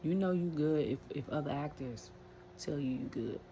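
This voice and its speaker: Brief: woman, low voice, rambling wrestling rant, faint room hiss. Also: normal speed, dark tone. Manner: rambling, chatty, many fillers and asides. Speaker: wrestling commentary vlogger. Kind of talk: casual rant.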